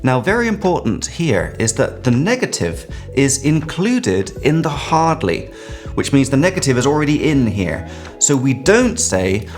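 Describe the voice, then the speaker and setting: Upbeat English teacher from England. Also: male voice, mid-range voice. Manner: lively, drawn-out stress on key words. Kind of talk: explaining grammar to learners.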